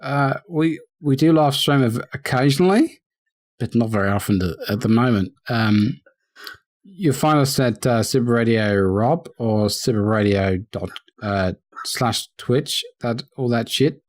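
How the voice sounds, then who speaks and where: A man's voice: medium pitch, a little slow. A man co-hosting a casual gaming podcast, talking loosely with lots of ums and restarts. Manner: rambling, with many ums and restarts. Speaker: podcast co-host.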